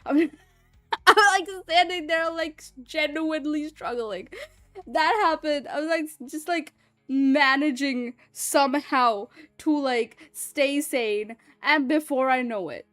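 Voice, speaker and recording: High-voiced rambling woman streamer. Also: takes it slowly, a bit bright, dry recording, faint music behind. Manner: rambling and chatty, swears freely. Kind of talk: casual livestream chat.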